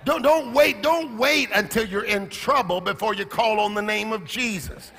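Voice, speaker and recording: Male pastor, high bright gravelly voice, fiery call-and-response sermon in a reverberant church hall. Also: normal speed. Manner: impassioned, call-and-response preaching with shouts and sung phrases.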